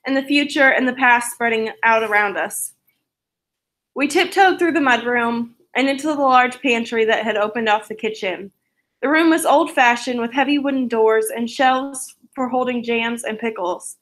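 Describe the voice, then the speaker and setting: A woman reading a novel aloud in a plain, steady way, with casual asides. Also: fairly high pitch. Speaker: reader.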